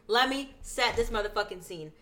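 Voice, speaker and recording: A woman's voice: fairly high pitch, expressive, moderate pace, pushed and bright. A young woman co-hosting a casual podcast, dry and self-deprecating, swearing heavily. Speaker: podcast co-host. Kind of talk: casual chat.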